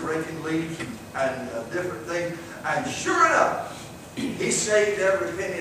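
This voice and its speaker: A man preaching a revival sermon as a guest preacher, building fervently on key phrases and easing into a quiet storytelling voice for illustrations. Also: fairly high pitch. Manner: drops to a soft storytelling voice for an illustration. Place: church sanctuary. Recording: very echoey, distant, noisy room recording.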